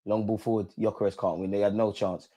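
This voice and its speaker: A man's voice: fairly low pitch, little pitch movement, fairly quick, dark tone. A man hosting a live football watch-along, talking emotionally at the players and referee on screen in casual, slangy speech with some swearing. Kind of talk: live match reaction.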